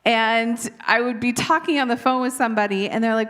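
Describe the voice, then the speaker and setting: A woman's voice: a little high, steady tone, fast talker, fairly bright tone. A woman in her thirties from Canada, with a light Canadian accent, giving an earnest, conversational devotional Bible teaching. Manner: earnest, conversational, occasional laughs at herself.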